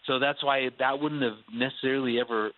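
A man's voice: medium pitch, steady tone, brisk. A man talking earnestly about his marriage, often restarting his sentences. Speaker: marriage guest. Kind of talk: casual radio talk. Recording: phone-like narrow sound.

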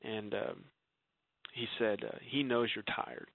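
Man, gravelly, low voice, earnest storytelling, dry tinny phone-line sound. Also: slow pace, no echo. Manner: earnest, voice drops soft in quotes. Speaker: guest author. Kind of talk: emotional personal storytelling.

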